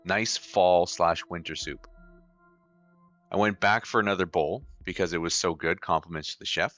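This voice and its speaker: A man's voice: low-pitched, normal speed, a bit bright, lo-fi sound, faint music behind. A man from Canada co-hosting a casual livestream, easygoing, telling stories with dry jokes. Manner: easygoing, dry joking, storytelling. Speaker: co-host, host's brother. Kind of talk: casual charity livestream chat.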